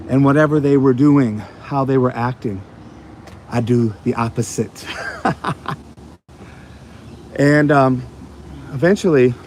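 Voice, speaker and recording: The clip has a man with a mid-range, somewhat mellow voice and slight background noise. He's an American channel host recovering from a cold, telling rambling stories packed with fillers during a casual evening walking vlog in an outdoor botanical garden.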